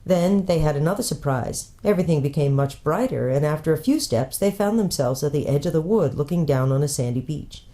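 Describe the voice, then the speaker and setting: A woman pastor with a low, mellow voice reads a children's book aloud. Her storytelling is gentle and unhurried. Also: animated.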